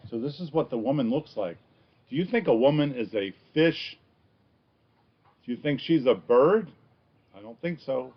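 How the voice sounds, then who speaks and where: Male children's science host, mid-pitched, patient and encouraging, slightly lo-fi recording. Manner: encouraging, speaking slowly and plainly to young kids. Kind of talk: reading aloud and teaching a craft activity to children. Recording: slightly dull recording with faint background noise.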